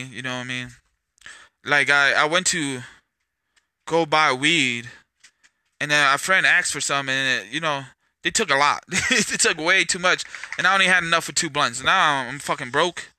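A man's voice: fairly high pitch, sharp tone, no echo. A man hosting his own podcast, talking in a rambling, profane, casual way and dropping "man" and "bro" into his sentences. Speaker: podcast host. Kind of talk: casual solo podcast rant.

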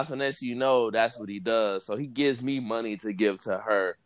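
A man's voice: medium pitch, brisk, a crowd in the background. A man hosting a podcast, telling laid-back slangy stories and laughing often, with speech. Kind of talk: casual storytelling chat. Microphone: phone app recording.

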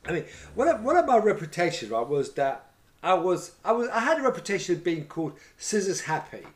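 A middle-aged ex-hairdresser spins rambling tales of his time in the job, his casual talk peppered with "right?" and "you know what I mean?". His voice sits high, and he's brisk and very animated.

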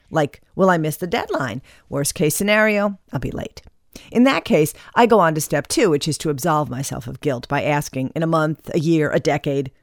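A woman reading a scripted self-help monologue in a wry, chatty way with lively asides. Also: deep voice, no room sound, clean studio sound.

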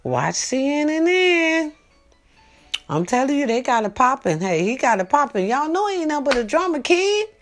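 Animated, teasing woman hosting a night chat. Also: high-pitched, quick pace, hardly any pauses, faint music behind. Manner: animated, teasing, streetwise and loose. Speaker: host of a casual night talk show. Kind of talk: casual chat to viewers.

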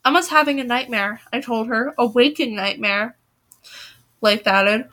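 A young woman with a high, bright voice reads a novel aloud. She gives the dialogue lively emphasis, rising sharply when characters shout. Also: unhurried. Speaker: reader of a novel.

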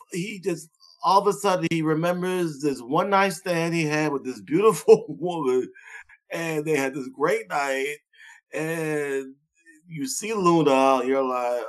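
A man's voice: a little high, a bit bright. A man co-hosting a podcast, talking in casual chat, blunt and profane, laughing often and throwing in sarcastic asides. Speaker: podcast co-host.

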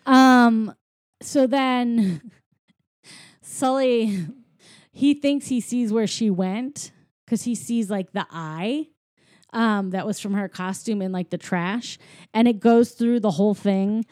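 A woman casually retelling a film's plot to a co-host, animated, with lots of fillers. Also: fairly high pitch, slow, no room sound, studio quality. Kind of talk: casual film recap chat.

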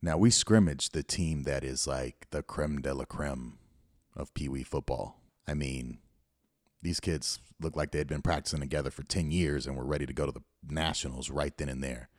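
A man's voice: rumbling low, moderate pace, dry recording, clean studio sound. A middle-aged man hosting a motivational podcast, telling a story in an earnest, encouraging way. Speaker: podcast host and youth football coach.

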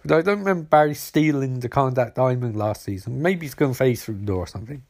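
A man's voice: mid-range voice, lively intonation, quick pace, darkish tone. A man casually recapping and rating a TV episode, rambling with sarcastic asides and lots of fillers. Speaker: TV episode reviewer.

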